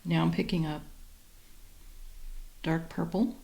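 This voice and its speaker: A woman calmly guiding viewers step by step through a beading tutorial, describing each move as she works. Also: deep voice, slow pace, gravelly. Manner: calm, methodical, talks while working. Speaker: beading instructor.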